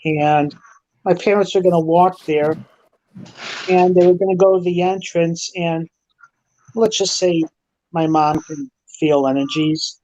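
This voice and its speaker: Man guest, soft dark tone, a little high, relaxed and halting, dull lo-fi sound. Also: no echo. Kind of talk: casual chat.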